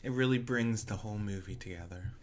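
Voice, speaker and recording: A man guesting on a casual movie podcast, cracking deadpan jokes. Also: on the low side, a little fast. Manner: dry, deadpan humor.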